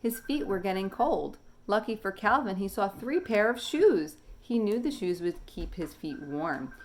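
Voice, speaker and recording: A woman teacher reading a picture book aloud in a slow, expressive storybook manner. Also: medium pitch, slight background noise.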